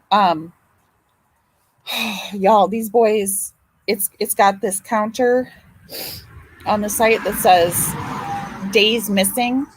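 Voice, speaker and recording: Woman host, grandmother, casual live chat, drawn-out unhurried delivery, heartfelt and talkative. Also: mid-range voice, a little hiss or hum, poor audio. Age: older. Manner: emotional, chatty, swears and apologizes. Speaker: livestream host.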